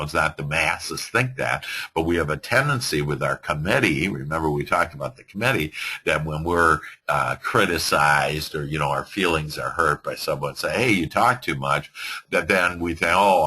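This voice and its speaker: A man teaching a motivational seminar to a class, rambling and animated, laughing often. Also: low-pitched, husky. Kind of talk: motivational lecture.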